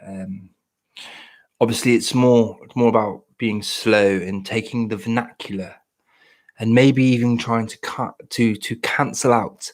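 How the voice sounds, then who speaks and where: A man putting on a posh, slow-spoken upper-class voice with deliberate, careful wording. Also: lowish voice.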